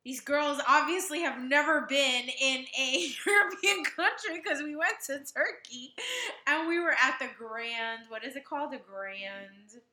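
A young woman co-hosting a casual chat, telling a travel story in an excitable, dramatic way. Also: high voice, a little slow. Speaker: podcast co-host. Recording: echoey room.

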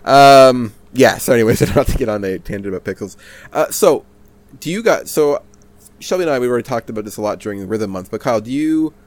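A man's voice: mid-range voice, lively intonation, fast talker, no room sound. A man hosting a casual podcast chat, who talks with enthusiasm, rambles and restarts his sentences. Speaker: podcast host.

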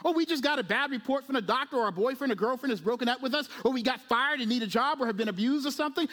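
High-pitched guy preaching, lively, acts out the characters, keeps saying right?. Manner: animated, acts out voices, asks "right?" often. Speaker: pastor. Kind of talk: sermon.

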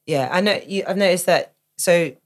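A woman's voice: lowish voice, normal speed. A woman hosting a podcast, chatting casually and putting questions to her guests. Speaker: podcast host. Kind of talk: casual interview chat.

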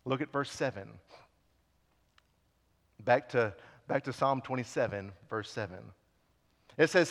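A man preaching a sermon with passion, swinging between loud appeals and hushed lines. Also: mid-range voice, a little slow, pauses often. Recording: long hall reverb.

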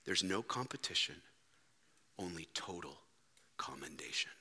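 A man delivers a sermon in a high, piercingly bright voice. He preaches earnestly, driving points home with rhythmic repetition. A long reverb from the church sanctuary trails each phrase. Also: normal speed. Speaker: pastor.

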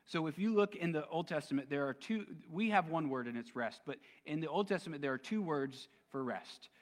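A man's voice: fairly high pitch, expressive, brisk. Man preaching in a reverberant hall. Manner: conversational preaching with casual slang. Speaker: pastor. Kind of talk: sermon. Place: church sanctuary.

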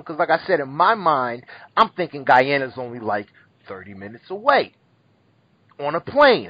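A man telling a rambling, profane story in casual chat, animated and full of restarts. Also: on the high side, breathy edge, dry recording. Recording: dull lo-fi recording.

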